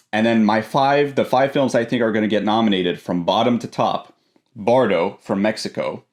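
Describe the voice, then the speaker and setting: A man with a lowish voice speaks as a guest expert on a casual podcast. He is analytical and walks through his rankings one at a time, pausing to pick his words. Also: darkish tone. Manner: analytical, lays out rankings step by step.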